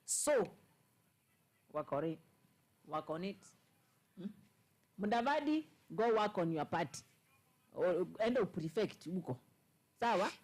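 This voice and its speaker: Scolding Kenyan woman, husky voice. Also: on the low side, animated, measured pace, pauses often, a little mellow, low-quality recording. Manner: scolding, emphatic, repeats phrases. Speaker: commentator. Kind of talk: casual political chat.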